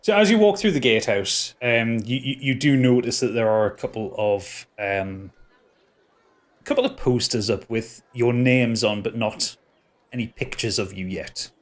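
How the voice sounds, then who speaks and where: A man narrating as game master, stopping and restarting often. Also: mid-range voice. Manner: halting, full of restarts and fillers.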